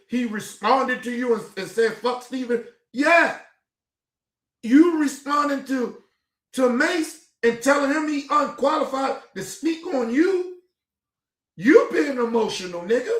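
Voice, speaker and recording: Heated high-voiced man ranting. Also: lively intonation, a little slow. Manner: heated, repetitive, cursing. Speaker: streaming show host reacting to a clip. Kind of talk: profane reaction rant. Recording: echoey room.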